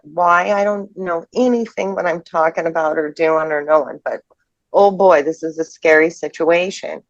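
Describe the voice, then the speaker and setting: A tearful woman in her fifties telling a personal ghost story in a halting, emotional way. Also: fairly low pitch, fairly even intonation, no room sound. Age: 50s. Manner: halting, emotional, restarts mid-sentence. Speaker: person sharing a ghost experience. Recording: dull lo-fi dry audio.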